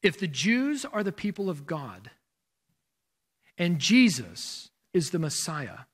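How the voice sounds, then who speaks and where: A man's voice: on the high side, very animated, slow pace, slightly rough. A man preaching a sermon as pastor, explaining scripture and asking rhetorical questions as he tells listeners where to turn in their Bibles. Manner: expository, poses rhetorical questions.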